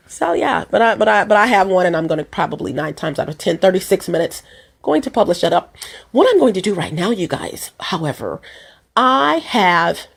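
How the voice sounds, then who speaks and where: Woman vlogger, hoarse, loose and repetitive, keeps calling out to her viewers. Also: mid-range voice, expressive, moderate pace. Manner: rambling and repetitive, addresses viewers as "you guys". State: hoarse from allergies and a cold. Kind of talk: casual chat to camera. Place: at home.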